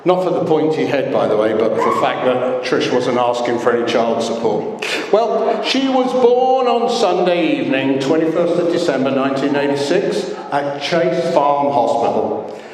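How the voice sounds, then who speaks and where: A man's voice: medium pitch, normal speed, darkish tone, a little hiss or hum. A middle-aged man gives a wedding speech in a large function room, telling jokey, self-mocking stories. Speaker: wedding guest giving a speech. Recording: echoey hall, voice from far off.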